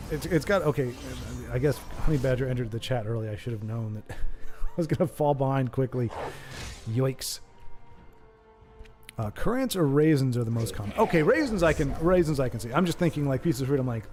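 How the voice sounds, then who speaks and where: Chatty, self-mocking male stream host. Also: mid-range voice. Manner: rambling, self-mocking, jokey chat with viewers. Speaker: stream host and match commentator. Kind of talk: casual live-stream commentary. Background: background music.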